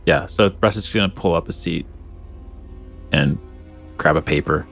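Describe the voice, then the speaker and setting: Gravelly, low-voiced male player. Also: normal speed, fairly bright tone, faint music behind. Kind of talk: tabletop game play.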